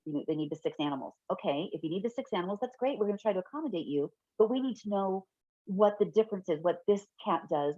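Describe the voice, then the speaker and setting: A middle-aged woman giving an online fair housing training from her home office, chatty and quick to laugh, often correcting herself mid-sentence. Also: fairly low pitch, a little mellow, no room sound. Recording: dull, lo-fi webinar audio.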